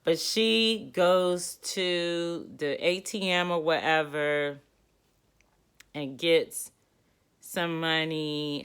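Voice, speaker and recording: A woman from the Washington DC area telling a personal story in a casual, animated, exasperated way. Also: on the low side, clean tone.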